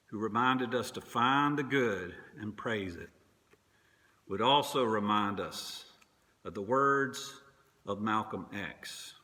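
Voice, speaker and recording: A man who is a minister, preaching a sermon in a slow, measured way with long pauses. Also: mid-range voice, pushed and bright. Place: church sanctuary.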